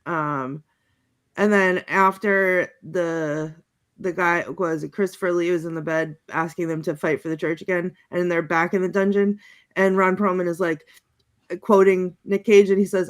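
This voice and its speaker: A woman's voice: on the low side, steady tone, clear, resonant tone. Giggly woman rambling through movie quotes. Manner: giggly, halting with many fillers. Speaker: panelist. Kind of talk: casual chat, recounting movie quotes.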